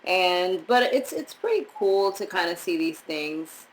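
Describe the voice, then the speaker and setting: A young woman from Montserrat chatting casually as a vlogger, rambling with animated asides. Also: on the low side, unhurried, slight background noise, low-quality recording. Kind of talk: casual chat reviewing DNA results.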